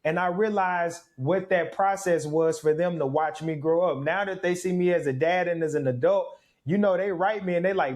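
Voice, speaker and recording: Guy from mississippi telling his story, kinda higher voice, gets animated. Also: normal speed, few pauses. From Mississippi, USA. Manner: reflective, animated storytelling with laughs. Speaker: guest, former pro football player. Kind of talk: storytelling in a casual interview.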